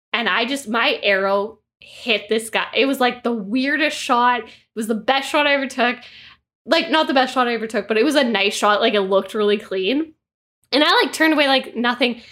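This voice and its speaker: A woman with a somewhat high voice tells stories on a podcast. She talks in a lively, animated way and swears freely. Her tone is casual, like a chat between friends. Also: normal speed. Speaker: podcast co-host.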